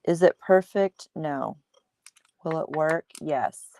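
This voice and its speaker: A woman's voice: low voice, slow, darkish tone, no room sound. A woman hosting a casual livestream craft demo at her table, chatty and laughing at herself.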